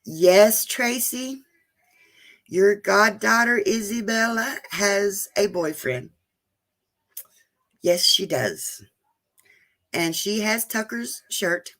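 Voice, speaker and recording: A woman's voice: medium pitch, lively intonation, extremely slow, long pauses, a bit bright. A woman, chatting casually and emotionally with viewers during a live stream. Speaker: vlogger hosting a live chat.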